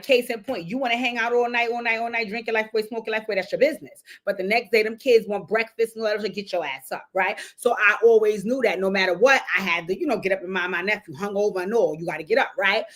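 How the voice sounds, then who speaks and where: A woman hosting a casual livestream, telling a loud, profane, animated story to her viewers. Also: medium pitch. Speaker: show host.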